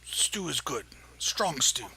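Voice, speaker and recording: A retired adventurer now keeping an inn, curt and matter-of-fact, played by a man. He talks slowly, with a gravelly, bright tone. It is a tabletop game. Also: a little high, very animated, full character voice. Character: former adventurer, plain middle-aged innkeeper.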